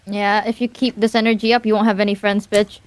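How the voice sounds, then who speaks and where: A woman's voice: mid-range voice, little pitch movement, fast talker, clear, resonant tone. A woman guest on a live stream, teasing the host bluntly and swearing. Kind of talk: casual stream chat.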